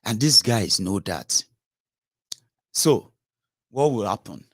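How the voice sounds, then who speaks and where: A man delivers a political monologue in a lowish voice, scolding his audience as if telling them hard truths. The sound is close and dry, with no room around it. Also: animated, slow, breathy edge, dry recording. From Nigeria. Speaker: political commentator host. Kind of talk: opinionated monologue.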